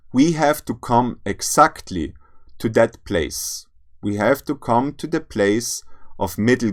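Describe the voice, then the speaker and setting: Slow, earnest male spiritual teacher. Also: on the low side. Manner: halting, restarts and repeats words; earnest, addresses listeners directly. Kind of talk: spiritual lecture.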